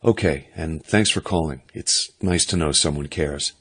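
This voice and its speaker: A man voicing a lost, grieving young man who speaks softly and calmly in an audiobook. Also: a bass voice, moderate pace, slightly rough, exaggerated voice. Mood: subdued. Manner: soft, hushed and calm on the surface.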